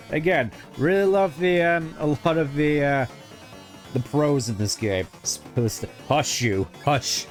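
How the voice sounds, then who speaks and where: A man's voice: fairly high pitch, slow pace, soft background music. A man streaming a video game, giving casual commentary and laughing at his own jokes between lines of dialogue.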